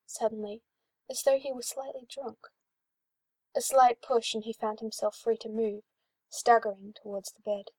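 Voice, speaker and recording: A woman reading a fan-written story aloud in an even, smooth storytelling manner. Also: fairly high pitch, no echo. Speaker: story reader.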